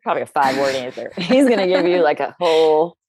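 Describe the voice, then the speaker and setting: A woman with a low voice talks in a loose, rambling way on a podcast, often breaking off and restarting her sentences. She is from the United States. The recording is dry and close, with no room sound. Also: animated, quick pace, a little mellow, dry recording. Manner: rambling and chatty with many restarts. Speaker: podcast guest. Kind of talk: casual podcast chat.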